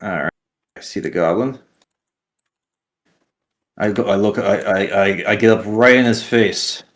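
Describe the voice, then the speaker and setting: A man with a low voice plays in a casual tabletop game. He talks eagerly, tripping over his words and restarting as he plans his moves. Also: measured pace, fairly bright tone. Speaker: player.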